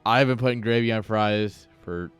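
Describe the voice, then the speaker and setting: A man's voice: lowish voice, moderate pace, smooth, faint music behind. A man casting a game stream, chatting casually and teasing with lots of laughs. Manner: joking, teasing, laughs often. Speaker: esports caster.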